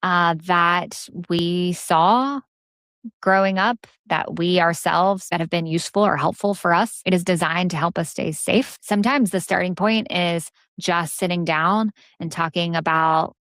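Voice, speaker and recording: A woman guest speaking in a calm, measured, reflective way about feelings around money. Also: lowish voice, no room sound.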